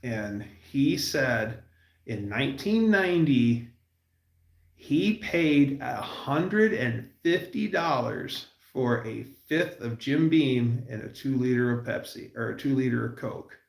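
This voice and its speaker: Livestream host, male, gravelly and casual, rambling storyteller, roomy echo. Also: medium pitch, expressive. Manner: rambling, storytelling, puts on quick voices for quotes.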